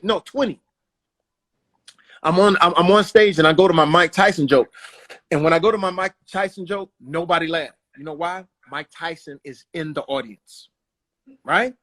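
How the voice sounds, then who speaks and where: A man telling stories as a guest in a casual interview, animated and quick to slip into voices. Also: high voice. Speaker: guest, comedian and actor. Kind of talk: casual storytelling.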